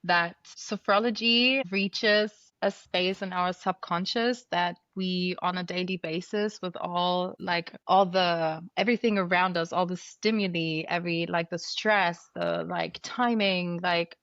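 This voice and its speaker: A woman's voice: fairly low pitch, steady tone, a little slow, few pauses, fairly bright tone, clear, resonant tone, dry recording, lo-fi sound. A woman guest in a podcast interview, speaking thoughtfully and often searching for her words. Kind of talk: conversational interview.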